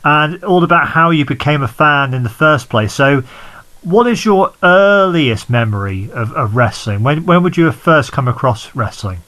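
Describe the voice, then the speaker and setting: A man hosting a podcast, interviewing a guest in a friendly, halting way with many restarts. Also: on the high side, animated, bright, forceful tone. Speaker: podcast host. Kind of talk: casual interview chat.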